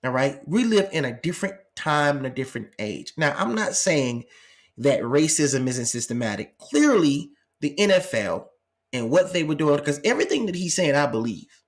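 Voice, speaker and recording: A man's voice: on the high side, sing-song, moderate pace. A man hosting a live commentary stream, arguing with passion and firing off rhetorical questions. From United States. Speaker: channel host.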